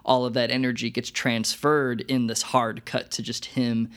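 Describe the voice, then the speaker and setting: A man's voice: medium pitch, level tone, normal speed, fairly bright tone. A man in an everyday mid-range voice, giving careful analysis of a film in a casual podcast chat. He strings his thoughts into long, considered sentences. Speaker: podcast co-host.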